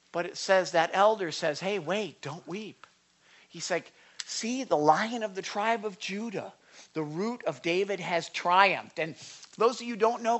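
High, bright-voiced man preaching a sermon. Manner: conversational, checks in with the congregation; earnest, rising to passionate emphasis. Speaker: pastor.

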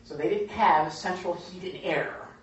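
A Bible study teacher leads a group in a casual, animated way and keeps asking them questions. The voice sits at a middle pitch and carries a strong room echo. It is picked up from a distance with a muffled, dull tone and faint background hiss. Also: a little slow. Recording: very echoey room, distant mic, dull sound.

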